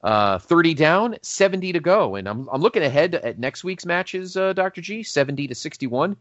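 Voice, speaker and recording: A man co-hosting a casual podcast, counting down matches in a lively, newscaster-like delivery. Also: a little high, normal speed, dry recording. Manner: lively, breaks into a mock newscaster voice for recaps. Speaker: podcast co-host. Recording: dull lo-fi Skype call sound.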